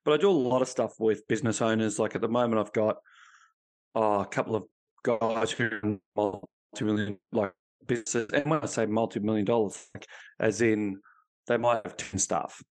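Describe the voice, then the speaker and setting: A man's voice: fairly low pitch, steady tone, normal speed. A man, a coach, talking casually and bluntly in a podcast interview, swearing freely as he tells stories. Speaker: high performance coach.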